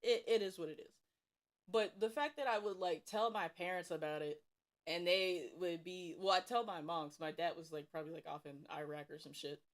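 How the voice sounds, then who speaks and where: A woman's voice: lowish voice, brisk. Profane young woman telling stories. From Cincinnati, USA. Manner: profane, animated storytelling with bursts of laughter. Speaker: streamer. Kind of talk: casual storytelling while drawing.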